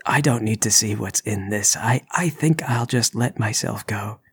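A man voicing a frightened, trembling male intruder who stammers in a breathy whisper. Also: on the low side, normal speed. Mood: pleading.

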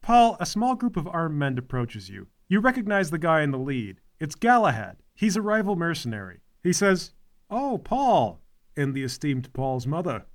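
A man acting as game master, narrating a tabletop game in a quiet, matter-of-fact way. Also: on the high side, big pitch swings, normal speed, hardly any pauses.

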